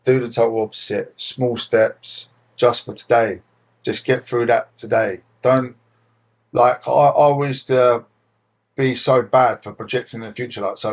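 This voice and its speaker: Husky, emphatic man. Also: medium pitch, fairly even intonation, measured pace. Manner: emphatic, swears freely, repeats points for stress. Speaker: podcast guest, recovery advocate. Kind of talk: earnest conversational advice.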